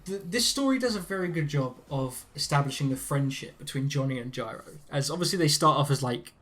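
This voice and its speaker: Bright-voiced man, laughing podcast chat. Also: a little high, animated, fairly quick, soft background music. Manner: laughs often, swears casually. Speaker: podcast co-host.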